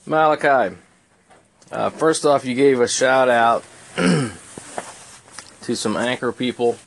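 A man's voice: mid-range voice, takes it slowly, creaky. A man in casual chat with a dry, teasing manner.

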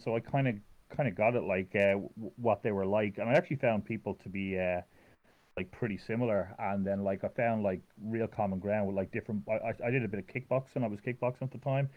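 A man's voice: mid-range voice, fairly quick. A man in his thirties from Ireland with an Irish accent, telling stories in a casual chat with lots of fillers and restarts. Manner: rambling storyteller, many fillers and restarts. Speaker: guest. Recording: dull lo-fi audio.

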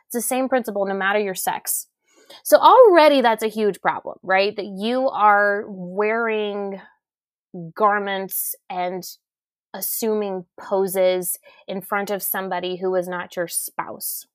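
A chatty woman hosts her own podcast alone, talking in a casual, conversational way. Her voice sits at an ordinary middle pitch. The sound is dry and close, with no room echo. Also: a little slow. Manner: chatty, laughing, quoting herself in bright asides. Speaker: podcast host. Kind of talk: casual solo podcast talk.

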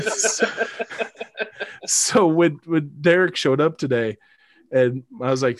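A man's voice: on the high side, slow pace, pauses often, dry recording, studio quality. A man telling a story in a casual podcast chat, laughing often and mimicking the people he quotes.

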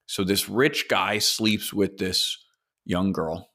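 A man's voice: low-pitched, slow pace, sharp tone. A man hosting a solo podcast, telling a story casually and speculating, with the odd curse. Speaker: podcast host.

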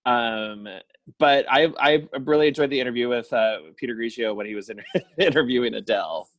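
A comedy performer chatting casually and hesitantly, with frequent restarts. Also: male voice, medium pitch, steady tone, brisk, fairly bright tone. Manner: hesitant, restarts, laughs easily. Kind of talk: casual chat.

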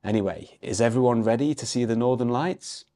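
A man's voice: mid-range voice, fairly quick, voice pushed up, lightly acted. A man voicing a laid-back, upbeat tour driver in his mid-thirties, without an accent. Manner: relaxed, upbeat.

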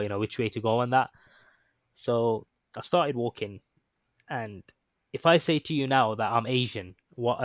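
A man's voice: medium pitch, no echo. A man casually telling a story, rambling and hesitant with lots of ums and restarts. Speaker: guest recounting his experience.

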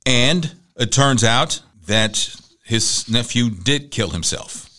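A man's voice: medium pitch, expressive, takes it slowly, sharp tone. A man hosting a talk show, casually running through news and celebrity gossip with wry asides and laughs at his own jokes.

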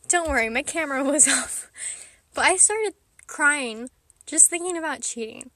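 A woman with a high, bright-pitched voice talks straight to camera from inside her car. She rambles in a casual, chatty way, giggling and poking fun at herself. The sound is close and dry, with no room echo. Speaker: vlogger host. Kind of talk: casual vlog chat.

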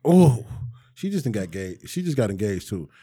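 A man's voice: on the low side, sing-song, normal speed, mellow, breathy edge. A man co-hosting a podcast, trading crude, boastful banter full of slang in casual chat. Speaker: podcast co-host.

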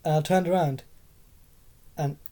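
Low, mellow young woman telling a story. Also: steady tone, measured pace. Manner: rambling, heavy fillers, swears freely. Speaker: podcast co-host. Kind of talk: casual storytelling chat.

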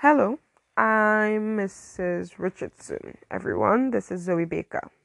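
A young woman teacher who greets the class with a smile and still keeps order, as a woman reading a story puts her on. The voice is creaky and a touch gravelly, heard close and dry. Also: mid-range voice, slow pace, no room sound. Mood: pleasant. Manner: pleasant, firm.

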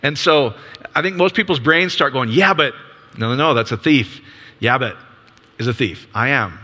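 Male ministry leader, 50s, casual upbeat sermon delivery, bright tone, long hall reverb. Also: mid-range voice, fairly quick. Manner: conversational, upbeat, asks rhetorical questions.

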